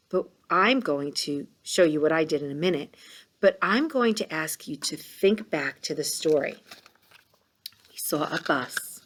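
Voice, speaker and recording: A woman teaching kindergartners a reading lesson, patient and encouraging, sounding out words. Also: lowish voice. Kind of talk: read-along reading lesson.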